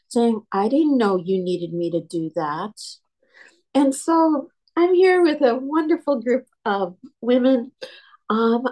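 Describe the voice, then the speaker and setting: A woman who is a pastor and mediator, leading a panel discussion and telling stories with lots of expressive emphasis. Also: mid-range voice. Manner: animated storyteller, voice rising with emphasis.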